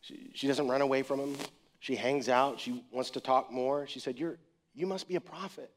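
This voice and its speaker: Conversational male preacher, animated storytelling. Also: mid-range voice, moderate pace, a little hiss or hum. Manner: conversational, animated retelling with acted quotes. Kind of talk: sermon.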